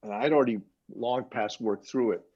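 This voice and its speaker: An older man, a mixing engineer, telling animated anecdotes in a casual interview and chuckling as he quotes others. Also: medium pitch, normal speed, breathy edge. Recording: dull lo-fi sound.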